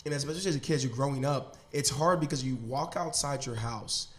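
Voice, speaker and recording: A man's voice: mid-range voice, fast talker, fairly bright tone. A man hosting a podcast in casual chat, enthusiastic and rambling with slang. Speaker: podcast host.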